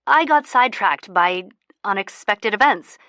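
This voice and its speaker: A woman voicing a flustered young woman friend who speaks high and breathless in an audiobook. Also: animated, measured pace, sharp tone, no echo.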